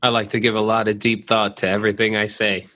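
A man doing a spacey rapper musing slowly and grandly about everything. The voice sits fairly low but sounds bright and forward. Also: flat delivery. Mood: dreamy. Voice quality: slow, dreamy, self-important delivery. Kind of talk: comedy podcast role-play.

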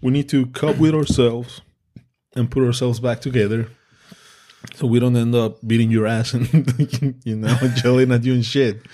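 A man with an ordinary mid-range voice co-hosts a casual podcast. He gives blunt advice and repeats his points to drive them home. He talks in a relaxed, plain way. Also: mid-range voice, normal speed. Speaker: podcast co-host. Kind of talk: casual chat.

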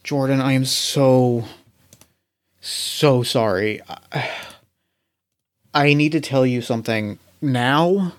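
A man playing a remorseful, excitable young male friend who stammers and gushes his apologies in an improvised role-play. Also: mid-range voice, slow, pauses often, natural voice. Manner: flustered, gushing, stammering.

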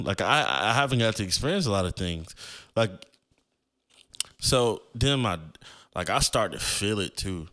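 A man's voice: lowish voice, animated, measured pace, long pauses, sharp tone. A young man in his twenties hosting a podcast, telling a personal story in a casual, emotional way, with many filler "likes". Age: 20s. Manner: casual, emotional, heavy use of "like". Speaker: podcast host.

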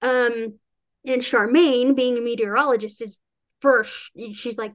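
A woman's voice: fairly high pitch, steady tone, moderate pace. A woman author chatting casually about her novel, rambling with restarts, acting out quotes and laughing often. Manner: laughs often while talking. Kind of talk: casual chat.

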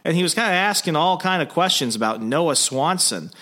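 A man's voice: a little high, animated, sharp tone, pitched above the performer's own voice. A man voicing a chatty small-town male bartender, in a comic recap with put-on voices. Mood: folksy. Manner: folksy, drawn-out exclamations.

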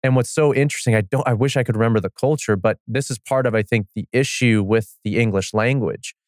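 A man's voice: medium pitch, quick pace, darkish tone, no echo, studio quality. A man hosting a podcast, telling a story in a reflective, casual conversational way. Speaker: podcast host.

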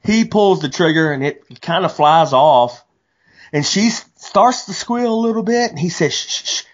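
A man co-hosting a casual hunting podcast, telling stories animatedly with many restarts. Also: fairly high pitch. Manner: animated storyteller, frequent restarts. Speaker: podcast co-host. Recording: dull lo-fi podcast audio.

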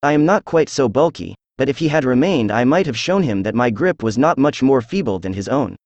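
Imperturbable witty detective, read by a synthetic male voice; medium pitch, dry close sound. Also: a little fast, dry recording. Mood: calm. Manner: flat synthetic delivery. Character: calm, witty male detective, middle-aged.

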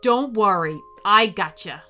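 A woman reading the part of a calm, friendly young male superhero in a storybook, speaking in a reassuring way. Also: mid-range voice, a little slow, soft background music.

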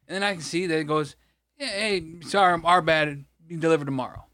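A man's voice: a little high, fairly quick, sharp tone, no echo, clean studio sound. A man from Michigan, co-hosting a podcast, rambling through an exasperated, profane story in casual chat. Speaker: podcast co-host.

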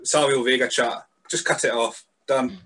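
Brief: male podcast host, laid-back and sweary, bright forward voice. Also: medium pitch, steady tone, moderate pace. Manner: easygoing, sweary, hesitant with fillers. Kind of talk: casual podcast chat.

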